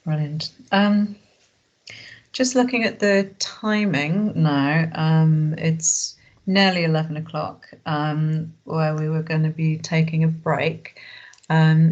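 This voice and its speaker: A woman's voice: low voice, darkish tone. A woman chairing a formal planning inquiry over a video call, polite and hesitant with dry humour. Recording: dull lo-fi video call audio.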